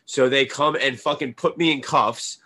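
A man's voice: mid-range voice, fairly even intonation, normal speed, sharp tone. A man with a mid-range voice hosts a podcast and tells stories in a laid-back, casual way. He swears freely as he talks. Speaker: podcast host. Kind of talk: casual chat.

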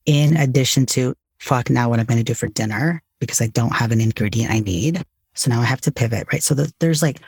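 A man's voice: mid-range voice, vocal fry, darkish tone, dry recording, studio quality. A man speaking as a podcast guest in a candid, earnest, casual conversation, with occasional swearing. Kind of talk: reflective conversation.

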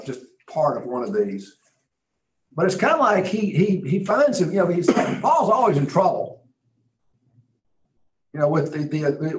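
A man teaching a Bible study lesson in a folksy, conversational way, often clearing his throat. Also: fairly high pitch. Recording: roomy echo.

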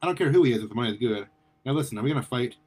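A man's voice: medium pitch, animated, very fast, darkish tone, breathy edge. A man reading aloud and voicing a smug, mocking female super-powered thief in a raised voice. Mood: nonchalant. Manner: nonchalant, mocking.

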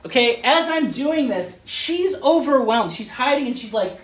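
A man in his thirties giving a playful church talk, telling stories with lots of fillers and bursting into loud, excited acted asides. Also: extremely high pitch, moderate pace, hardly any pauses. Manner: chatty, many fillers like "um" and "like". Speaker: speaker giving a children's message. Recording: roomy echo.

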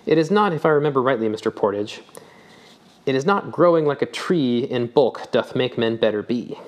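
A man reading the part of a wry, thoughtful older man who lectures gently. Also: medium pitch, expressive, moderate pace, close to an everyday voice.

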